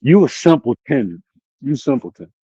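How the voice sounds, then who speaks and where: A man who works as a streamer and life coach rants casually on his own livestream through a streaming setup mic, his mid-range voice sing-song, dark, and husky at a normal speed. The audio is dull with no echo. He taunts the chat with profanity and dares viewers to join the call.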